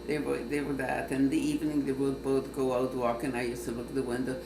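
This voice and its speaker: A man's voice: medium pitch, completely flat delivery, brisk, background noise. An older man fondly remembering his parents in a nostalgic way. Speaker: interviewee. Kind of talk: reminiscing. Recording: echoey room with crowd.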